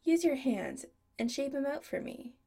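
A woman's voice: high-pitched, very animated, moderate pace, vocal fry, mellow, voice pushed up, exaggerated voice. A woman voicing a flamboyant male goth punk shop owner who teases and bosses his friend fondly. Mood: bossy. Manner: fond and bossy teasing.

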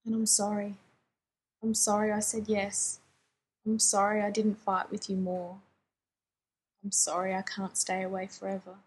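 A woman reading the part of a grieving young man who pleads softly and apologetically to his younger brother in a fan fiction reading. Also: mid-range voice, monotone, unhurried, pauses often, husky. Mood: pleading.

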